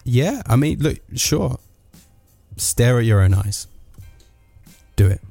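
A man rants through a comic monologue in a low, gravelly voice. His tone is dark and mellow, with sardonic asides, and the sound is dry and close. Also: sing-song, takes it slowly, no room sound, soft background music. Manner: sardonic, rambling rant with asides.

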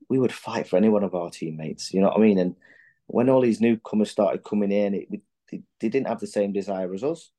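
A middle-aged man with a fairly low voice tells his stories bluntly and candidly, swearing freely. He often stumbles and restarts mid-sentence, like in a relaxed podcast chat. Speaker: podcast guest, former footballer. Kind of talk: casual chat.

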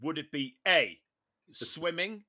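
A Northern Irish man hosts a casual comedy chat, tossing out dry jokes and quick asides. His voice is bright and forward, and his pitch leaps around as he talks. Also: expressive. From Northern Ireland. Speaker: podcast host.

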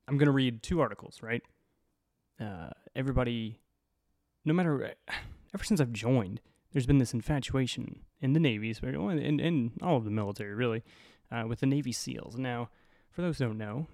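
A man's voice: medium pitch, moderate pace, gravelly, darkish tone, no room sound, clean studio sound. Wry, profane man hosting a podcast. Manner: profane, wry, rambling with fillers. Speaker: podcast host. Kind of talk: casual storytelling monologue.

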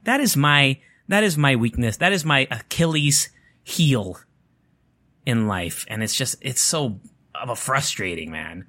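A man's voice: mid-range voice, lively intonation, a little slow, pushed and bright. A man chatting casually to viewers at home, rambling and joking, swearing freely and smoking as he talks. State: smoking while talking. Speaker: vlogger.

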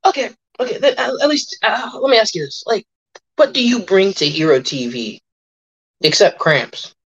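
A woman's voice: medium pitch, animated, moderate pace, slightly rough. A woman voicing a harried, weary male interviewer at a hero agency, sighing and stammering through repeats. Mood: sarcastic. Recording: dull lo-fi audio.

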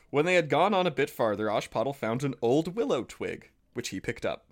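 Podcast co-host, male, reads fairy tales, lively intonation, wry. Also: medium pitch, brisk, few pauses. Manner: dry, wry asides while reading. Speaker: podcast co-host, story reader. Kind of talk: reading a folk tale aloud with banter.

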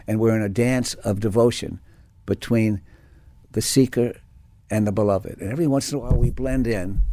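Low-voiced reflective spiritual teacher. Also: male voice, mellow, no room sound. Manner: reflective, rambling, with restarts and fillers. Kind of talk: spiritual talk with personal stories.

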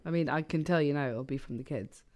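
A woman chatting on a podcast while losing her voice to a chesty cough. She is frank and quick to laugh, filling her talk with likes and ums. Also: low voice, darkish tone. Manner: frank, laughing, lots of fillers. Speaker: podcast co-host. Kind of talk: casual chat.

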